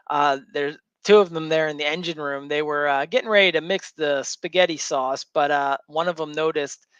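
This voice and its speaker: A slightly high-voiced man recaps a comic in a loose, rambling way, full of ums and restarts. The recording is dry and dull, with a muffled, lo-fi tone. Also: fairly bright tone, smooth, dry recording. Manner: rambling, filler-heavy retelling. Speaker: comic book show host.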